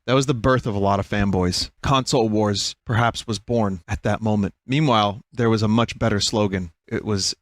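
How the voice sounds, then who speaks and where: A man in his thirties, a streamer giving casual, profane and excitable reaction commentary, laughing often. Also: lowish voice, moderate pace, few pauses, no room sound.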